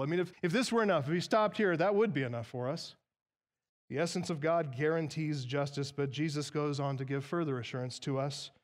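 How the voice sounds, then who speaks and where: A man preaching an expository sermon, emphatic and explanatory, asking rhetorical questions and stressing key words. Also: a little high. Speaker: pastor.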